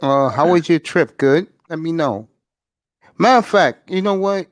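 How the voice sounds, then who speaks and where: A man's voice: fairly high pitch, animated, unhurried, dry recording, clean studio sound. A man hosting a casual live chat show, often stammering and repeating words. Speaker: host.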